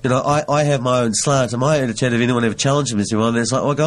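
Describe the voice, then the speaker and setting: A man's voice: medium pitch, racing, hardly any pauses. Earnest New man explaining. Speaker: investigative journalist guest. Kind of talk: conversational interview.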